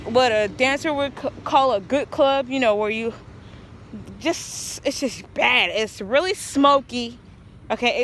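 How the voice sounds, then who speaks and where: This vlogger's voice is high-pitched and a bit bright, with a little hiss or hum on the recording. Speaking outside, she earnestly rambles through a long personal story, frequently breaking off and beginning her sentences again.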